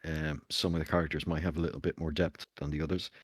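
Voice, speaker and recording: Low-voiced man running a tabletop game. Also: level tone, quick pace, background noise. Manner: rambling, many fillers. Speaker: game master. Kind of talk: casual tabletop game chat.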